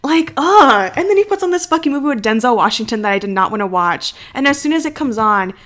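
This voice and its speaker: A young woman co-hosting a podcast, telling a story in a casual, animated way, swearing freely and acting out the voices of the people in it. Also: a little high, fast. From United States. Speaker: podcast co-host.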